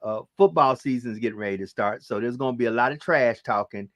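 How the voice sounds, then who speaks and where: A man's voice: mid-range voice, fast, no room sound. A man hosting a casual talk show, often chiming in with "right" and "correct".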